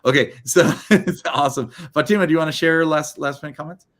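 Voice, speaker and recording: Hosting a book launch livestream over a video call, a man with a fairly high, slightly bright voice talks fast. He's upbeat and chatty, laughing often between remarks in this casual hosting.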